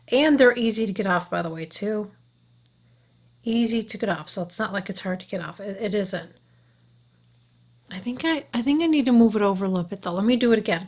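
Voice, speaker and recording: A woman in her fifties talking casually through a makeup tutorial, frank and chatty, checking in with the viewer with a constant "okay?" as she works at her mirror. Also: medium pitch. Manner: talks while applying makeup, sometimes drops to a whisper. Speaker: beauty vlogger.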